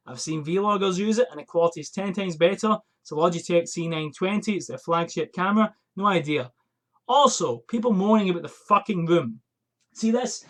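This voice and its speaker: Young man, high-pitched, profane, exasperated, casual vlog, attic room, desk mic. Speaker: fragrance reviewer. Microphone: USB desk microphone.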